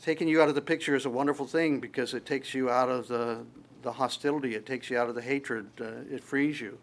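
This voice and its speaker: A man's voice: mid-range voice, fairly even intonation, fast. A man preaching a sermon as pastor, conversational and emphatic, often restarting his phrases.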